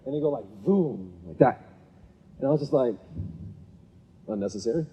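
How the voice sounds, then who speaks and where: A man's voice: medium pitch, expressive, brisk, mellow, a little hiss or hum. A man giving a storytelling talk to a live audience at a gathering. He keeps checking in with "right?" and acts out the people in his stories. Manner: conversational, checks in with 'right?' often. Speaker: speaker at a men's gathering. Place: event venue with a live audience. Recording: long reverb of a hall.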